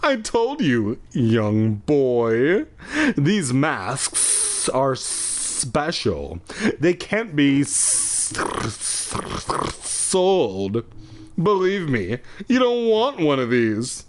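A man voicing a stern caped stranger who speaks slowly and deliberately through gritted teeth. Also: mid-range voice, huge pitch swings, slight background noise, full character voice. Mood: warning. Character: stern caped man guarding special masks.

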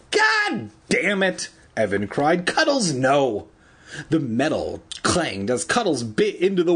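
Husky man doing an animated, irreverent read-aloud. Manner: animated, jumps to shrill shrieks for characters, swears in asides. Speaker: reader of a children's horror novel. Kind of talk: comedic read-aloud with crude asides.

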